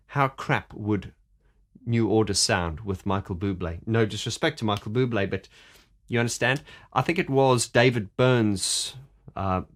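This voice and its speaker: A male vocal coach talking casually through a singer's technique, rambling with frequent restarts and breaking off to sing examples. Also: on the low side. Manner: rambling with many restarts, breaks into sung demonstrations. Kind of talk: casual analytical monologue about singing.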